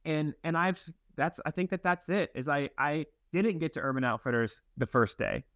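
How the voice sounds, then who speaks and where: A young man, a guest in an interview, telling stories in a relaxed, rambling and self-deprecating way, laughing now and then. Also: fairly high pitch, moderate pace, no room sound. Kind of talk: casual interview storytelling.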